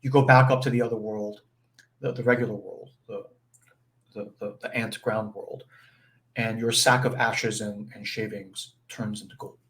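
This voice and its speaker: A man's voice: lowish voice, steady tone, normal speed, fairly bright tone. Chatty man teaching with many fillers. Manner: conversational, full of fillers and "right?" check-ins; acts out brief quoted voices with chuckles. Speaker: spiritual teacher leading a session. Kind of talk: informal spiritual teaching on a folk tale.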